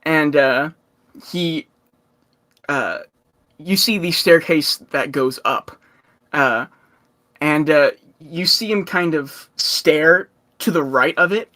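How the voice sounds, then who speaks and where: Slow, rambling man game master. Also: a little high, sharp tone. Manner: rambling, filler-heavy, laughs often. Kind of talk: narrating a tabletop game.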